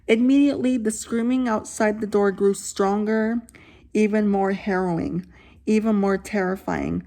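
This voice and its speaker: A woman's voice: medium pitch, steady tone, normal speed, warm tone. A woman reading a scary story aloud, stopping now and then for casual asides. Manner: reads steadily, breaks off for casual asides.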